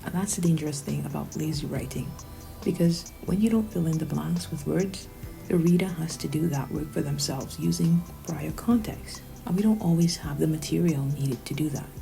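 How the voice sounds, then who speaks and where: Sarcastic woman with a gravelly voice. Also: sits low, normal speed, dark tone, faint music behind, poor audio. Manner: sarcastic, pointed critique. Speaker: commentary host. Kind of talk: critical commentary.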